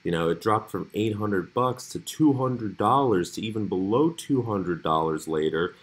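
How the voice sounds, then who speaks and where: A man hosting a cryptocurrency channel, talking casually through price charts with animated, swinging emphasis. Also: moderate pace. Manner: animated, lively pitch swings. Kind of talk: casual commentary over charts.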